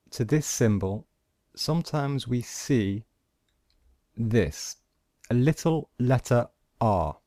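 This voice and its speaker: A man teaching pronunciation, patiently explaining phonetic symbols and modelling each sound slowly. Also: medium pitch, a little mellow, no echo, studio quality. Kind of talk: slow, deliberate lesson explaining phonetic symbols.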